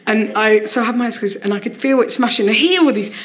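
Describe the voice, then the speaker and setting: A woman, a comedian, telling an animated story in casual chat on a live podcast, laughing often as she talks. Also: on the high side, quick pace. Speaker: comedian guest.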